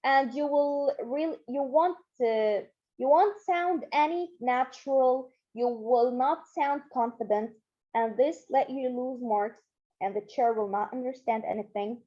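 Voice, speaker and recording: A woman's voice: high-pitched, measured pace, mellow, dull audio. A woman leading an online training lesson, talking in an encouraging way with many fillers and repeats. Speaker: Model UN trainer.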